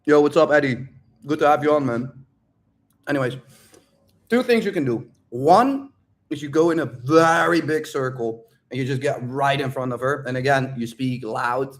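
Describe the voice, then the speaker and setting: A man coaching viewers on dating during a live-stream Q&A, loud, blunt and profane, repeating points with emphatic drill-like stress. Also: medium pitch, normal speed.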